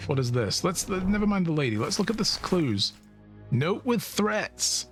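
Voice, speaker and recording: A man's voice: sits high, big pitch swings, normal speed, faint music behind. A man streaming a video game, chatting casually and thinking aloud with frequent laughs. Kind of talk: casual let's-play commentary.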